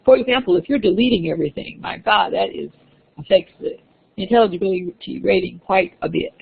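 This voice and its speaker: A woman instructor delivers a classroom lecture in a gravelly, husky voice on the low side. She explains things step by step, often restarting sentences and using fillers. The recording sounds thin, like a phone.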